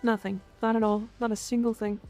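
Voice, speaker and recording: A woman's voice: a little high, level tone, a little fast, darkish tone, soft background music. A young woman streaming live, chatting playfully with her viewers and answering their comments. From Canada. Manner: playful, reads chat aloud and answers it, growls "rawr" at viewers. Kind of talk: casual live-stream chat.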